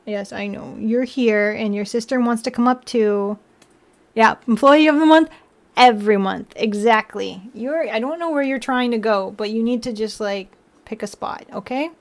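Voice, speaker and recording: A woman's voice: a little high, normal speed. A young woman chatting casually on a live stream, giggly and rambling, with lots of "like" and restarts. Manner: chatty and giggly, full of "like" and restarts, baby-talks to her pets.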